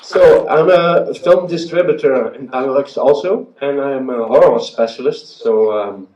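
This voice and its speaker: A man presenting an award at a ceremony, speaking haltingly with many filler pauses; recorded in an event venue from a distance. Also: medium pitch, animated, a little mellow. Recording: roomy, distant, dull sound.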